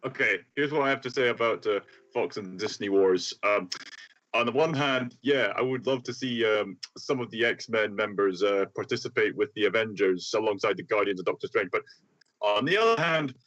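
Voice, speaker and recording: A man's voice: on the low side, moderate pace, a bit bright, no room sound, dull audio. A man co-hosting a casual podcast, goofy and theatrical. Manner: goofy, theatrical, makes sound effects. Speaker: podcast co-host. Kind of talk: casual group chat.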